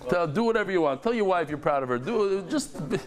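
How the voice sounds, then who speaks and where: A middle-aged man teaching a daily Talmud class, animated, telling stories with lively joking asides. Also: high-pitched, fast talker, a crowd in the background.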